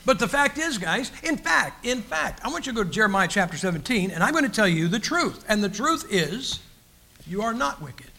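Older preacher man, high voice, bright tone, folksy and joking, rambling sermon. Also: very animated, brisk, gravelly. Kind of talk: sermon with humorous stories.

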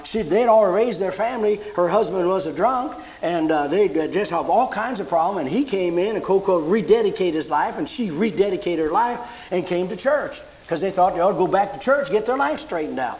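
High-voiced folksy preacher man. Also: a little mellow, poor audio. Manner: folksy, repeats and restarts phrases. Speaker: pastor. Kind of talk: sermon storytelling.

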